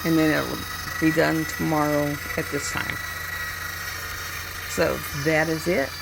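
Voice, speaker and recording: A woman's voice: deep voice, little pitch movement, a little slow, vocal fry, very noisy. A woman, a crafting vlogger chatting casually and retelling a story with quoted voices at her home workstation.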